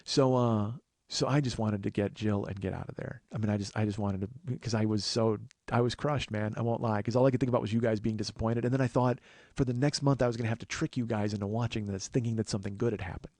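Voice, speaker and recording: In a fast, steady voice with few pauses, a podcast host rambles through a long personal story, restarting and voicing other people's lines himself. His tone is darkish and on the low side, and the recording is dry.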